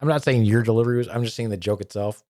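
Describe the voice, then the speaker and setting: A man co-hosting a podcast with casual comedic chat, teasing in a dry, deadpan way. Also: on the low side, very fast, no room sound. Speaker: podcast co-host.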